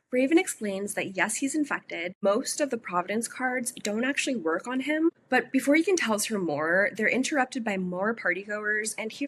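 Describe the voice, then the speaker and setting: A woman summarizing book chapters for a podcast, briskly, with wry asides. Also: medium pitch, a bit bright, slight background noise. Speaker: podcast co-host. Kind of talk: casual book recap narration.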